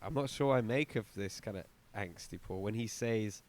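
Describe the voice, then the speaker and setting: A man's voice: fairly low pitch, normal speed, a little mellow, no room sound. A man co-hosting a music podcast, chatting casually and sarcastically about an album, mocking lyrics in exaggerated voices. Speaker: podcast co-host. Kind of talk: casual album review chat.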